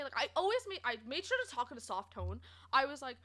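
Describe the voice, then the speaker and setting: A young woman chatting to her stream in a high, bright voice that leaps all over the place. She rambles through a story full of fillers and giggles, acting out what people said. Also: fast. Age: young adult. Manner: animated and giggly, lots of fillers, quoting others in lively voices. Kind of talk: casual rambling storytime chat.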